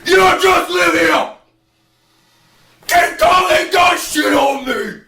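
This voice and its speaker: A menacing tough-guy cop who bellows threats and brags about who runs the place, as a man puts him on for a reel. The voice sits strikingly high and sounds tense and sharp. It comes through from across a roomy space. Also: slow, vocal fry, far from the mic, exaggerated voice. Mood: threatening. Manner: shouting, boastful, intimidating. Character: swaggering menacing male cop barking threats. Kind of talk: celebrity impression from an audition reel.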